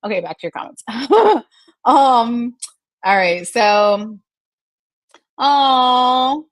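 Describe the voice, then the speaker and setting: A woman's voice: fairly high pitch, lively intonation, very slow, no echo. Chatty woman hosting a live stream. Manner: chatty and encouraging, laughs often, calls the audience "y'all". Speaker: host of a live mental health segment. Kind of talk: live-stream chat answering viewer comments.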